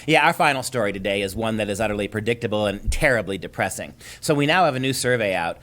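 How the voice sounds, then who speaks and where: A man's voice: fairly low pitch, expressive, fast talker, fairly bright tone. A man hosting a political talk show, speaking emphatically and often repeating key words.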